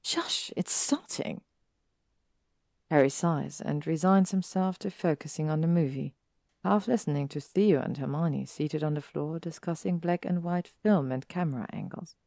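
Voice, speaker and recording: A woman reading fan fiction aloud in a calm, even narration. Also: deep voice, moderate pace, gravelly, no room sound, clean studio sound. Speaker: story reader.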